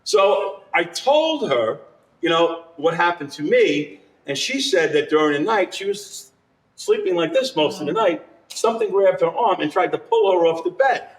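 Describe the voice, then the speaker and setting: An animated male storyteller spins a ghost tale before a live audience, his unusually high voice leaping up and down as he laughs along. He sounds set back from the mic in an echoey room. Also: moderate pace, distant mic. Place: curiosity shop event with live audience.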